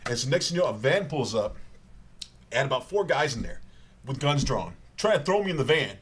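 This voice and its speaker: A man telling rambling, animated comic stories on stage as a guest, stumbling over his words and laughing as he goes. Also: medium pitch, brisk, husky. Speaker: guest comedian. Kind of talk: live comedic storytelling.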